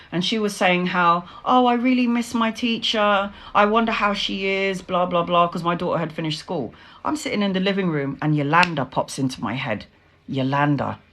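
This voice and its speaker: A middle-aged woman, a tarot reader telling stories in casual, animated chat and swearing freely. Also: on the low side.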